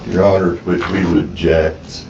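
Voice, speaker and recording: A man's voice: low-pitched, level tone, unhurried, music in the background. A man confronting an attorney during a court hearing. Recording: echoey, muffled courtroom clip.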